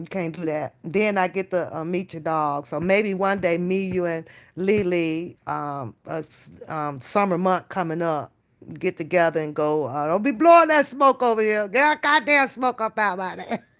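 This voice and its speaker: Animated, swearing woman livestreamer. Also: fairly low pitch. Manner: animated, swearing, slangy, talks to chat directly. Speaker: reaction channel host. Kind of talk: casual live-stream chat.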